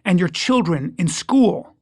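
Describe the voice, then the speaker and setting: A man, a stand-up comedian guest, talking in a casual interview in an emphatic, joking way that swings from loud to hushed. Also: sits high, animated, measured pace, no room sound, studio quality.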